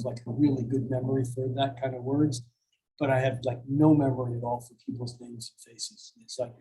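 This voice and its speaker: A man's voice: mid-range voice, rough recording. A man hosting a live astrology evening, telling stories and chatting in a rambling, self-deprecating way full of fillers, at a coffeehouse event. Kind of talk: casual live talk and storytelling.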